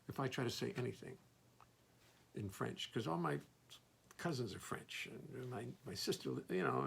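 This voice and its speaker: A man who sings and plays bass, chatting casually between songs in his studio in a rambling, wry, self-mocking way. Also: creaky, a little hiss or hum. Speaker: singer and bassist. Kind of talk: casual between-song chat at a live stream. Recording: loud bass under the voice. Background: his own double bass playing.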